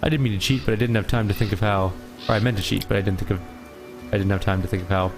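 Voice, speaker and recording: A man's voice: lowish voice, steady tone, racing, close to an everyday voice. A man voicing a mischievous young female gnome trickster in a video game playthrough, talking in a flustered, giggly rush. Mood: gleeful. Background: game music.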